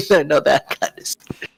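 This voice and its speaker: A man's voice: dry recording, poor audio. A man playing a tabletop game, often laughing while he describes his moves. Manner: laughing, playful. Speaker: player. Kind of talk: casual tabletop play.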